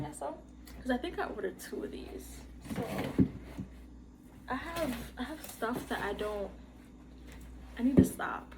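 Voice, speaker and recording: Woman unboxing at her desk, slow and gushy, kinda high voice, noisy mic. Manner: excitable, gushing, exclaims often. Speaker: podcast host doing an unboxing. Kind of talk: casual unboxing chat to camera. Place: bedroom workstation at home.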